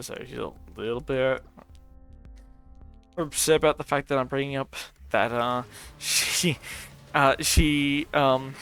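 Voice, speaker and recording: A man's voice: medium pitch, a bit bright. Rambling, profane young man. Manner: rambling and profane, many fillers. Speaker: streamer. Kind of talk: casual storytelling while gaming. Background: faint music.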